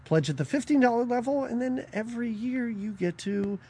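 A man's voice: extremely high pitch, animated, brisk, mellow, breathy edge. A man co-hosting a podcast, chatting casually about a film, laughing often and jumping between topics. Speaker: podcast co-host. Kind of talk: casual film review chat.

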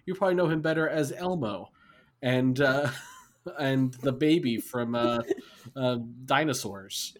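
A man's voice: medium pitch, a little slow. A man co-hosting a casual movie podcast, wry and joking, laughing as he talks. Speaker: podcast co-host. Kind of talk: casual movie review chat.

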